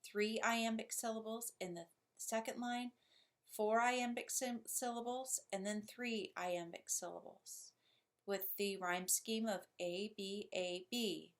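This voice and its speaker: A middle-aged woman teacher giving a poetry lesson, explaining patiently with little chuckles. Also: mid-range voice.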